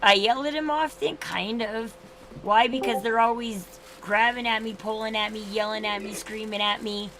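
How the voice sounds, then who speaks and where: A woman's voice: a little high, fairly even intonation, normal speed, a bit bright, slight background noise, rough recording. A woman in her thirties hosting a casual livestream, chatting in a rambling way with frequent restarts. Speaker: livestream host.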